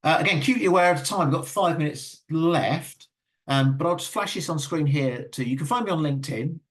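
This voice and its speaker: A man's voice: a little high, brisk. A middle-aged man giving an earnest talk with audience questions, full of fillers and stammered restarts. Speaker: guest speaker.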